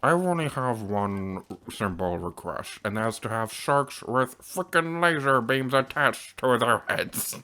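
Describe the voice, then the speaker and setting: A man doing an impression of a smug movie villain, drawing his words out slowly. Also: mid-range voice, lively intonation, sharp tone, slight background noise.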